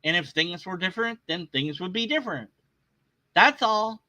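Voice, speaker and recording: A man's voice: high voice, animated, moderate pace, pushed and bright, low-quality recording. A man commenting on a video he is reacting to, in an agitated, sarcastic and rambling rant. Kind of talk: casual rant.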